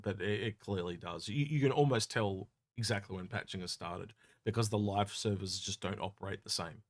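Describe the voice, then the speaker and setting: A low-voiced man co-hosting a casual gaming Q&A, talking in a loose, rambling way that turns animated when an idea grabs him. His voice sounds close and dry, with almost no room around it. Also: no room sound. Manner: rambling, animated, laughs easily. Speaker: co-host of a game Q&A show. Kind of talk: casual podcast chat.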